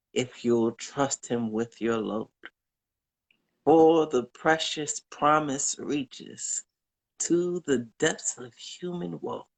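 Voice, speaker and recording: A man calling in to recite poems from memory, earnest and unhurried, pausing with fillers between verses. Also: medium pitch, vocal fry. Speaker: caller.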